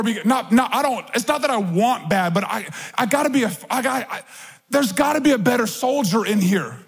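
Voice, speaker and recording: A high-voiced, husky male pastor preaches in a loose, conversational way. He slips into other voices to act things out. The sound carries a long reverb from a large church hall. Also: lively intonation, a little fast. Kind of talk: sermon.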